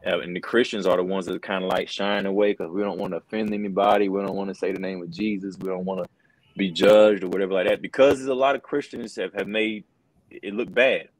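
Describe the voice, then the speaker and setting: A fast-talking middle-aged wrestling commentator with a low-pitched voice and fairly even intonation shares a story in a casual interview, earnest and loose, repeatedly saying "bro" and "man." The recording is dry and rough.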